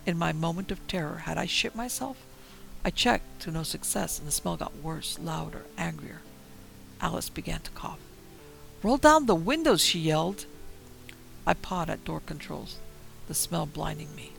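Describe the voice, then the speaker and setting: A man giving tense, measured first-person horror story narration. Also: fairly high pitch, fairly even intonation, vocal fry, fairly bright tone, soft background music, poor audio.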